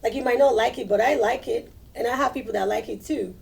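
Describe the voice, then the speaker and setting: Woman with a foreign accent, gravelly. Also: fairly high pitch, quick pace, darkish tone. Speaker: guest. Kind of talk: casual chat.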